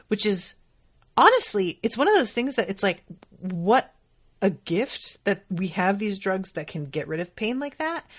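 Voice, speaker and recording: A woman with a fairly bright tone hosts a podcast, casually recapping a TV episode. She's chatty and candid, acting out quotes with sudden jumps in pitch.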